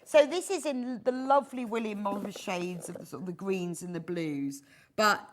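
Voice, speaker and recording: A woman from Bath, England, presents products on a live shopping channel in a TV studio, chatty and gushing and laughing often. Her voice is medium-pitched and her speed normal.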